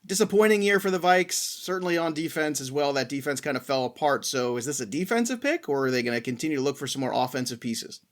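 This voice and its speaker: A man's voice: a little high, fast talker, few pauses. A man hosting a sports podcast, passing the draft picks between panelists in an easygoing way. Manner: easygoing, moving the draft along. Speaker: host. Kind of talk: casual sports chat.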